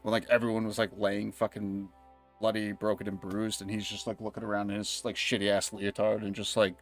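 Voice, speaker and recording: A man's voice: on the low side, completely flat delivery, a little fast, faint music behind. A young man livestreaming a game, telling rambling, profane stories and laughing often. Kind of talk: casual chat while gaming.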